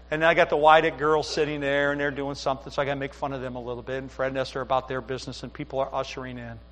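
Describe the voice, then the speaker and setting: A man's voice: mid-range voice, fairly bright tone, long reverb tail. A middle-aged man preaching a sermon as pastor, telling folksy stories with asides to the congregation. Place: church sanctuary.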